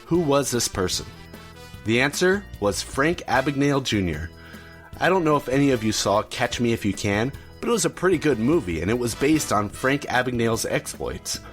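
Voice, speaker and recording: A man's voice: mid-range voice, sing-song, normal speed, soft background music. A man hosting a solo podcast, talking casually and rambling a bit with fillers and restarts. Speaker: podcast host.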